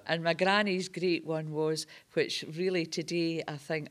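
A woman with a Scottish accent, recalling family sayings in a lively, laughing way. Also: deep voice, measured pace, hardly any pauses. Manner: lively, laughing through the telling. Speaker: reminiscence group member. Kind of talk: casual storytelling.

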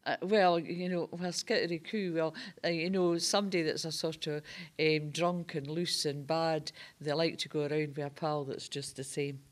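A woman with a Scottish accent, recalling family sayings in a lively, laughing way. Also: low-pitched, moderate pace. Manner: lively, laughing through the telling. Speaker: reminiscence group member. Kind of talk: casual storytelling.

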